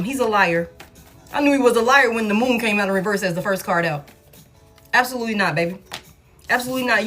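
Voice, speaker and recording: A fairly high-pitched woman doing a live tarot reading. She talks bluntly and emphatically, swears freely and keeps repeating her refusals to drive them home. Soft music plays faintly behind her. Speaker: tarot reader. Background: faint background music.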